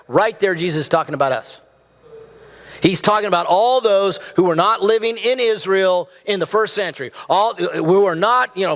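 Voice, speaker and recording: A man's voice: high voice, fairly bright tone. A man preaching a conversational sermon as pastor, asking the congregation questions and mixing in humor. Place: church sanctuary. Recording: church hall with long reverb.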